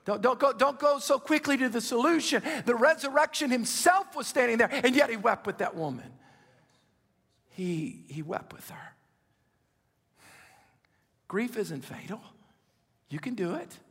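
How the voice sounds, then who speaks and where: A man in his fifties delivers a fervent sermon, pleading with his congregation and then sinking into hushed asides. His voice sits high and sounds husky and gravelly. It carries a long reverb from the large church hall around him. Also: animated, measured pace, long pauses. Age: 50s. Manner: impassioned, urgent preaching that drops to hushed asides. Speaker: pastor.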